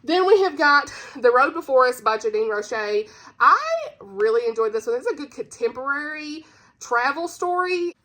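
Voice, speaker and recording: A woman's voice: high voice, lively intonation, normal speed, pushed and bright. A woman hosting her own channel, chatting casually and bubbly about books she recommends, giggling often. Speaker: book reviewer, channel host. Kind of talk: casual book-recommendation chat.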